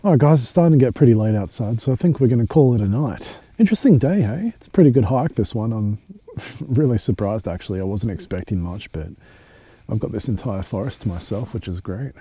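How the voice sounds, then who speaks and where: A man's voice: lowish voice, expressive, brisk, dark tone, husky, no echo. Joking man vlogging from the bush. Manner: chatty, joking, swears casually. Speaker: hiking vlogger. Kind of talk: casual solo vlog to camera. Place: outdoors in bush at a campsite.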